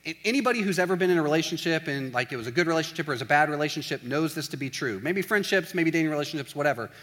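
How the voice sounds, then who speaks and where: A man with a bright, somewhat high voice gives a casual sermon as a college pastor. He talks in a loose, animated way, acting out quick everyday scenes and dropping "like" often. His voice rings with the long reverb of a large hall. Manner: animated, acts out little scenes in quoted voices, says "like" often.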